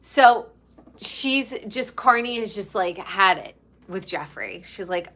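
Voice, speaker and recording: Slow, chatty gossiping woman. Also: mid-range voice, fairly bright tone. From New York. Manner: gossipy, chatty, drawn-out emphatic delivery. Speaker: pop culture commentator. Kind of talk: casual chat.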